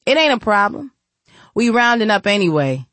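Woman doing a cocky, forceful young man. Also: medium pitch, very animated, moderate pace, dry recording, voice pushed up. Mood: challenging.

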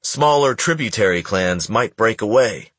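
A male audiobook narrator with a husky, low voice reads scripted narration in a measured, even storytelling manner, with no room sound.

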